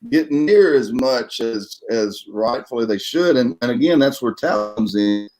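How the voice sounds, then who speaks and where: A man's voice: mid-range voice, lively intonation, a little slow, a little mellow, soft background music, rough recording. Earnest Southern man from Louisiana. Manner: earnest, repeats himself often. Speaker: singer and guest. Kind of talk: casual interview chat.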